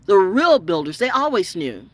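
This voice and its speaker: A woman broadcaster talking in a profane, unscripted rant, swinging from loud high outbursts to low mutters. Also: big pitch swings, moderate pace, no room sound. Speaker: online storyteller and broadcaster. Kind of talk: unscripted ranting monologue.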